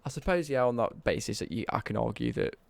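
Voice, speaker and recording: A man's voice: medium pitch, animated, quick pace, creaky, no room sound. A young British man ranting on a casual live stream, sweary and worked up.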